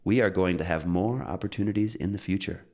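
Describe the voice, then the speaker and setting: Deep-voiced man teaching pronunciation. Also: a little fast. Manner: relaxed, explains with examples and repeats phrases. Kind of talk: casual spoken lesson.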